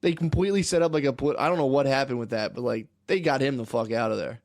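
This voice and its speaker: A man's voice: medium pitch, quick pace, vocal fry, a little mellow, no room sound, studio quality. A man co-hosting a casual podcast, rambling through a story with lots of slang and swearing.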